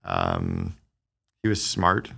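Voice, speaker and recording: A middle-aged business strategist appears as a podcast guest, speaking in a deep, creaky voice. He tells stories rapidly and with lots of animation, acting out the quoted dialogue.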